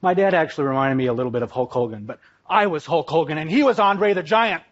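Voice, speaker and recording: A man's voice: a little high, animated, fast. A man from Minnesota giving a live stage talk, telling his story in a vivid, dramatic way. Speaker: speaker, former pro wrestler. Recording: dull, lo-fi live recording.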